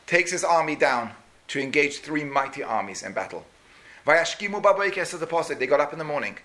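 A man's voice: on the high side, bright, forceful tone. A man giving a storytelling sermon, dramatic and sweeping, with Hebrew terms woven in. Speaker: preacher.

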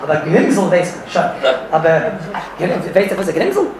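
Guy teaching a class, kinda high voice, lots of yiddish and hebrew words, laughs a bunch, super echoey, sounds far off. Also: moderate pace, a crowd in the background. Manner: animated, mixes Yiddish and Hebrew terms, laughs often. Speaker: Torah teacher. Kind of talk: lively halachic class. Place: room with audience. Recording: echoey room, far from the mic.

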